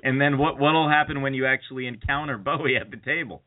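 A man's voice: mid-range voice, quick pace, noisy background. A man hosting a podcast, telling rambling anecdotes in casual chat. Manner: rambling, animated storytelling with quoted voices. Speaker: podcast host. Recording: tinny phone-like sound.

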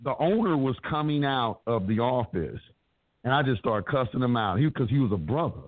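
This interview guest has an expressive, mid-range voice and speaks at normal speed while recounting his story. He's blunt and emphatic, swearing heavily throughout his animated telling. The audio is tinny and dry like a phone, with no room sound.

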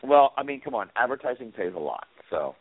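A man's voice: mid-range voice, sing-song, a little fast, no echo. Laid-back man over a phone line. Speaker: podcast co-host. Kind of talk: casual chat. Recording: phone-like call audio.

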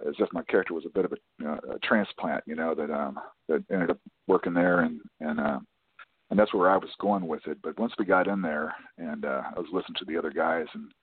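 A man, an actor guest on a podcast, talking in a loose, self-deprecating way with lots of fillers and a husky voice. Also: sits low, no room sound. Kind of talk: podcast interview. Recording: tinny phone-like audio.

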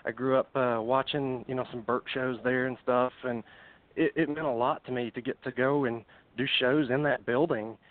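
A man's voice: mid-range voice, steady tone, moderate pace. Man on a tinny call. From Middle Tennessee. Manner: chatty, lots of uh fillers. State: slightly out of breath. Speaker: wrestling podcast guest. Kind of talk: casual storytelling on a call. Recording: dry, phone-like call audio.

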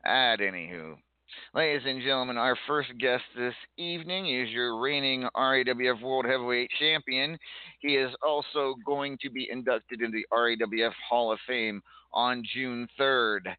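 A man's voice: medium pitch, moderate pace, clear, resonant tone, no room sound. Man hosting over a tinny line. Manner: jokey, rambling, stumbles over words. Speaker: show host. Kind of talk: casual online radio show hosting. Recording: dry, tinny phone-like line.

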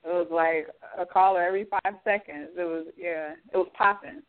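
A woman talking casually on a radio show in a relaxed, agreeable way. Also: on the low side, normal speed. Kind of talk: casual talk radio chat. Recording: tinny phone-like sound.

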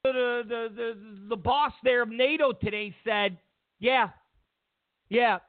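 A man's voice: very high-pitched, unhurried, dry recording. A man hosting a political commentary show, talking emphatically and mockingly, often repeating himself. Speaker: host. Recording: dry, tinny phone-like sound.

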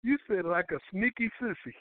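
High-pitched guy co-hosting, keeps cutting in and needling, phone-line sound. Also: quick pace, slight background noise. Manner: teasing, interrupts, presses questions. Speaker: co-host. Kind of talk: casual call-in show banter. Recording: tinny phone-like line, dry.

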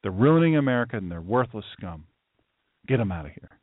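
Emphatic preacher-host on a tinny line. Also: male voice, fairly low pitch, big pitch swings, fairly quick, slightly rough, no room sound. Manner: emphatic, ranting, storytelling. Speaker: host, pastor. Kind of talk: political talk show monologue. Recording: tinny phone-like line, dry.

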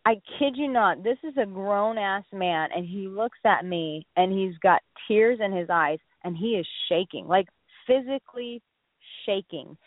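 Woman, dating coach guest, animated storyteller, phone-line audio, dry and close. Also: mid-range voice, unhurried, no room sound. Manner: lively anecdotal storyteller, acts out quotes. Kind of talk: radio interview, storytelling. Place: Los Angeles area. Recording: phone-line radio call.

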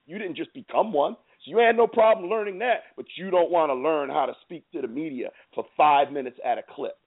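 A man hosting a sports show, ranting in a heated, repetitive and emphatic way. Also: medium pitch. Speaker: show host. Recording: tinny phone-like sound.

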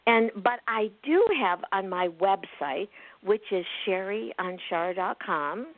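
A woman's voice: medium pitch, measured pace, no echo. A woman healer being interviewed, telling stories with laughs and acting out the people she quotes. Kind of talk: animated storytelling interview. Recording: phone-like narrow sound.

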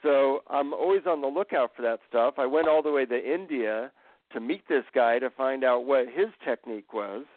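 A man, a guest author, telling relaxed stories in a casual interview. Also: mid-range voice, moderate pace, no room sound. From America. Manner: relaxed anecdotal storytelling. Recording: tinny phone line.

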